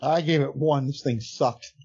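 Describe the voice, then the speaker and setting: Husky-voiced man cracking dry jokes. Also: mid-range voice, measured pace, a little mellow. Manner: dry, wisecracking interjections. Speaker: podcast co-host. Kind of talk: casual chat. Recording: dull lo-fi sound, a bit distant.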